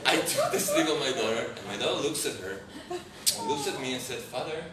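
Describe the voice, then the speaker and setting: A man's voice: mid-range voice, huge pitch swings, brisk, over a noisy crowd. A man, a rabbi telling a story to a live audience, often searching for English words. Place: lecture hall with audience. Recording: roomy hall, far mic, background noise.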